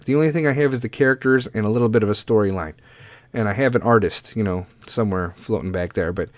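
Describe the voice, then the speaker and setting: A man's voice: medium pitch, darkish tone, dry recording. A man hosting a comedy podcast, rambling casually with lots of swearing and pep talk. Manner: profane, rambling, motivational. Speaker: podcast host.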